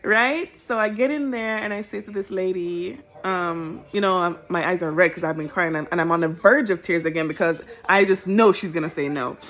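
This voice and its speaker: A woman, a social worker, telling a personal story in an animated, expressive way. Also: on the low side.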